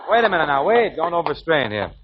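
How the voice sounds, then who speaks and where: A man's voice: a little high, very animated, normal speed, highs cut off, a crowd in the background. A man playing a breezy, scheming con man in a 1940s radio comedy. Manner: brash, breezy, wisecracking. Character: fast-talking scheming young male con man. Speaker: narrator and lead.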